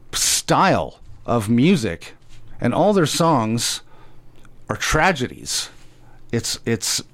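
A man hosting a radio music show, chatting casually between songs in a rambling, self-correcting way. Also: mid-range voice.

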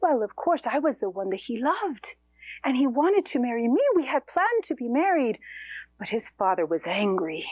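A grieving ghost mother who weeps for her lost children, as a woman storyteller takes her on. The voice is high and breathy, drawn out slowly with sighs and whispers. It sits dry and close, with no room around it. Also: big pitch swings, dry recording. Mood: sorrowful. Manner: slow, sorrowful, drawn-out telling with sighs and soft whispers. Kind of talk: first-person storytelling to children.

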